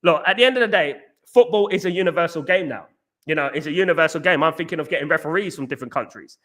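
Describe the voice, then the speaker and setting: A man hosts a casual livestream, answering his viewers in a loose, repetitive way full of fillers and false starts. His voice sits a bit high for a man and sounds bright and forceful, with a combative edge when he pushes back. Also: fast talker. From London. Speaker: host of a football fan livestream. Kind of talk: casual livestream chat reading viewer comments.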